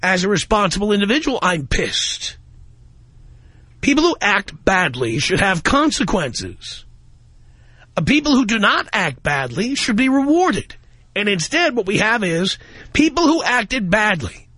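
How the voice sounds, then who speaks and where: A man's voice: sits high, sing-song, moderate pace, sharp tone, slightly rough, no echo. A man hosting a talk radio show, ranting in an angry, emphatic way from a studio microphone.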